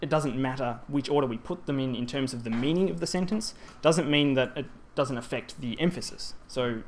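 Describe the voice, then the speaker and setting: A man explains grammar at a language teaching symposium, his conference talk dotted with ums and self-corrections. He speaks a little fast in a mid-range voice, with slight background noise in the recording.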